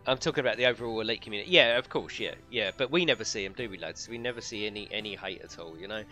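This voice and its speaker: A man's voice: on the low side, very fast, pushed and bright. A man streaming a game, chatting casually and telling stories, laughing often and swearing freely. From United Kingdom. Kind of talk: casual live-stream chat. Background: faint music.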